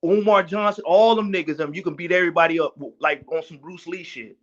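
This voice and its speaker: A man's voice: a little high, fast talker. A man, rambling in casual podcast chat and often groping for names. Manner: rambling, searching for words. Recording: dull lo-fi audio.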